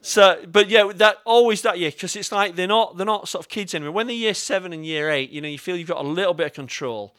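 English pastor preaching in a relaxed, chatty way. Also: male voice, high voice, fast, hardly any pauses, smooth, dry recording, clean studio sound. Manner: chatty storytelling with self-mocking humour; addresses the congregation directly. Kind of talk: sermon.

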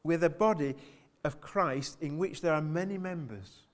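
At a normal speed, a preacher with a fairly high voice gives his church an earnest sermon. He returns again and again to his own phrases and engages the congregation with rhetorical questions.

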